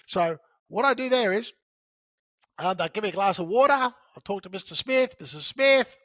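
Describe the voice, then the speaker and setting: A man on a podcast as a guest, teaching sales in an animated, conversational way and acting out bits of dialogue. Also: sits high, moderate pace, no echo. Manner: animated storyteller who acts out dialogue.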